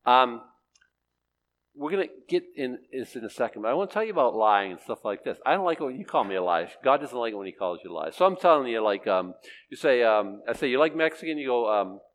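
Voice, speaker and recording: An older man delivers a sermon in a lively, animated voice, his pitch rising and falling widely. He swings from loud, emphatic declarations to hushed, quiet asides. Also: fast talker. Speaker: preacher.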